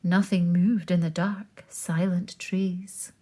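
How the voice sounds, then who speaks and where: A woman reading a children's picture book aloud, with slow, expressive storytelling. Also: lowish voice.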